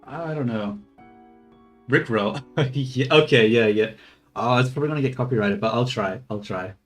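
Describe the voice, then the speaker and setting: A man's voice: medium pitch, normal speed, soft background music. A man in casual chat, testing AI voices, rambling and swearing.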